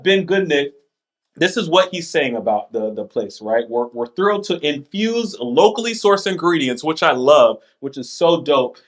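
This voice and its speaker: Upbeat playful man hosting a chat. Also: a little high. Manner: upbeat, playful, reads aloud with asides. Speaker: podcast host. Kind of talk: casual chat reading news items.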